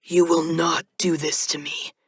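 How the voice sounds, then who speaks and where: A woman's voice: low voice, slightly rough, no echo. A woman doing an ancient whispering reaper. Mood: cold, insistent. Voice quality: strained, dry, cracked whisper. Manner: monotone, slow and deliberate. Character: ancient male reaper turning human, cold. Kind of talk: audiobook narration.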